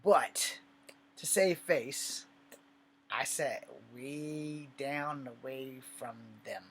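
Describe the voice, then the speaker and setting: Forties guy telling a story, swears a lot, keeps correcting himself, mid-pitched voice. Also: very slow, a little hiss or hum. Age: 40s. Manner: profane, rambling, self-correcting. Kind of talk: casual storytelling.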